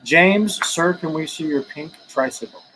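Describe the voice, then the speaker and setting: A man's voice: a little high, unhurried, pushed and bright, a little hiss or hum, poor audio. A man co-hosting a casual live stream from a garage, reading out viewer comments and making easygoing jokes. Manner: joking, easygoing. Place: home garage.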